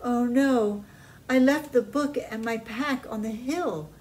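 A woman's voice: on the high side, slow, a little mellow, pitched above the performer's own voice. A woman voicing a cautious, worried young boy who calls out urgently in a storybook. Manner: urgent, breathless cries.

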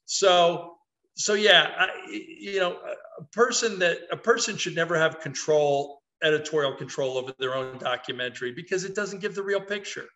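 A middle-aged man hosting a casual sports talk podcast, animated and rambling, poking fun at himself. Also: fairly high pitch, normal speed. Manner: animated, rambling, self-mocking. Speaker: podcast host.

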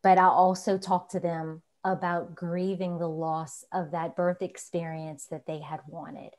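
A woman therapist on a talk show, calm and measured as she explains. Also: lowish voice. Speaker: guest therapist. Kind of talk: conversational expert talk.

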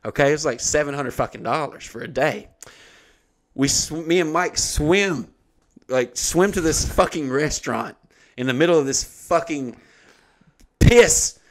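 A man hosting a podcast, telling a profane, animated story in casual comedic style. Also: fairly high pitch, normal speed. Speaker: podcast host.

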